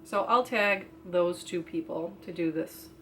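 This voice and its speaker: A woman's voice: lowish voice, measured pace, slight background noise. A young woman vlogging a casual question-and-answer video, reading each question aloud and answering off the cuff with lots of fillers. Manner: rambling, with many fillers.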